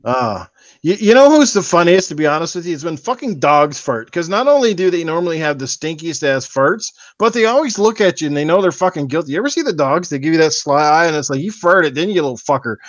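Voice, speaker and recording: A man's voice: on the high side, sing-song, fast talker, dry recording, lo-fi sound. A man hosting a podcast, telling crude stories with lots of swearing and laughter. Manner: profane, laughing, storytelling. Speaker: podcast host. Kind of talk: crude casual podcast chat.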